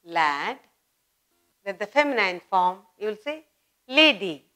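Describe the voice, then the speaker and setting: A woman with an Indian English accent teaches children basic grammar, drawing each word out at a very slow, deliberate pace. Her voice sits at a middling pitch, and she repeats key words with heavy emphasis, as if guiding a young class. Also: very animated, bright, forceful tone.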